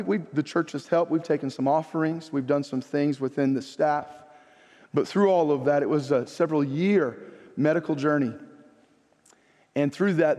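A man's voice: mid-range voice, mellow. A male pastor preaching a sermon, repeating phrases for emphasis and reading scripture aloud in a church sanctuary. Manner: preaching with rising emphasis and repetition, quoting scripture. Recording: long reverb of a church hall.

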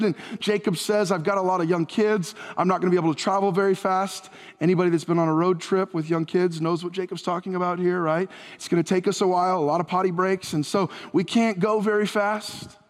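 Male pastor preaching in an echoing church hall. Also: sits high. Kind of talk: sermon. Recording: long hall reverb.

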